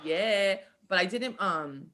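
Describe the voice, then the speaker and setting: A woman guest on a podcast, telling stories in a lively, chatty way, laughing often and acting out quotes. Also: medium pitch, slow. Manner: animated, laughs often, acts out quoted voices. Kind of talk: casual storytelling chat.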